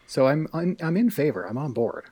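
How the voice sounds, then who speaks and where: A man's voice: fairly high pitch, lively intonation, fairly quick, mellow. A man co-hosting a podcast in casual chat, joking and teasing in a dry way, recorded on a podcast microphone. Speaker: podcast co-host.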